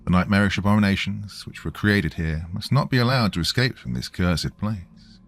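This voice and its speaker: A man with a very low, deep voice narrates a horror story in a measured, grave way. Faint music plays underneath his reading. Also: animated.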